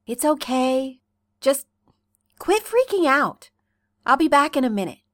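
Woman reading as a cheery young guy, bright, casual, lively pitch, dry sound. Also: unhurried, no room sound, full character voice. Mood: earnest. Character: cheerful, easygoing young man. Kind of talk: fan fiction reading.

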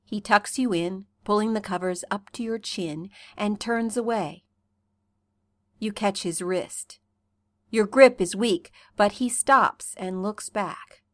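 A woman reading a fan fiction story aloud in soft, second-person narration. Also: medium pitch, slow, no room sound. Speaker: reader.

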